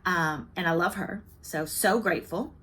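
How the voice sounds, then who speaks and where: A woman's voice: lowish voice, normal speed, fairly bright tone. Middle-aged southern lady rambling about her stitching, dry little jokes, chatty. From United States. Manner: chatty, wry asides and self-teasing jokes. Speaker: cross-stitch vlogger. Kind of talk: casual chat to camera.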